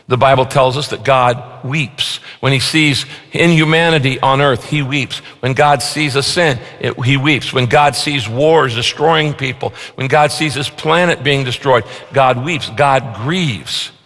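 A man's voice: mid-range voice, a little slow, a bit bright. A man preaching a sermon as pastor, earnest and emphatic, repeating key phrases and leading the congregation through verses. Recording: long hall reverb.

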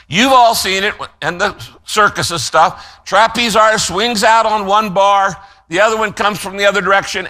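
A man preaching a sermon as pastor, emphatic, slowing down to stress key phrases and telling listeners what to write down. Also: high voice, sharp tone. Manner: gives note-taking instructions to listeners.

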